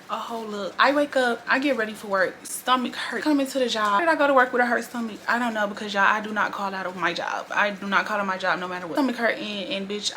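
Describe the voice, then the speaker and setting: Bright, blunt woman telling a story. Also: a little high, a little hiss or hum. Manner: blunt, profane, animated storytelling. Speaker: storytime vlogger. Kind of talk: casual storytime monologue.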